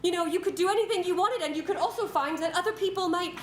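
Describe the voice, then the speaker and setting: A woman's voice: extremely high pitch, fast, slight background noise. A woman performing in a live improv comedy scene, talking in earnest, flustered, rambling bursts. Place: theater stage before live audience. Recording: roomy live theater with music.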